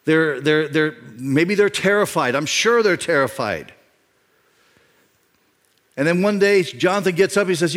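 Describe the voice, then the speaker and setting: A middle-aged man preaching a sermon as a pastor, emphatic, repeating key phrases and swinging between loud and quiet. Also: on the high side, lively intonation, unhurried, pauses often. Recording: reverb of a large hall.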